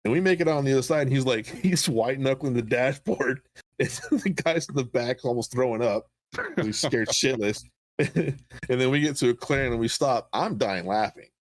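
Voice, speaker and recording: A man's voice: medium pitch, normal speed, dry recording. A veteran man on a podcast telling a profane story, acting out quoted lines. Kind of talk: casual storytelling chat.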